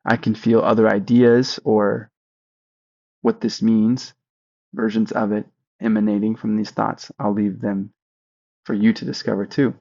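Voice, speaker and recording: A man leading a guided spiritual practice, speaking slowly and deliberately and asking listeners to repeat phrases after him. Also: fairly low pitch, little pitch movement, creaky, darkish tone, highs cut off. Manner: slow, deliberate, leads repetitions. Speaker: spiritual teacher. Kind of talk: guided meditation teaching.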